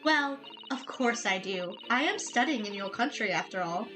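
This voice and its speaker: A woman voicing a proud, prim young English gentlewoman in a put-on English accent, speaking in lofty, condescending, formal phrases. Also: mid-range voice, lively intonation, moderate pace, over music, close to an everyday voice, poor audio. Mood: haughty.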